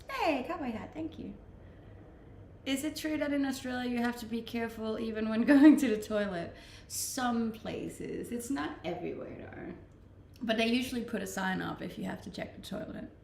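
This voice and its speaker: Scandi girl streaming, chatty and giggly, bit of vocal fry, echoey room. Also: fairly high pitch, animated, moderate pace, slight background noise. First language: Scandinavian language. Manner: laughs often, playful and chatty. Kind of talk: casual chat reading out viewer messages. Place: Australia, Gold Coast.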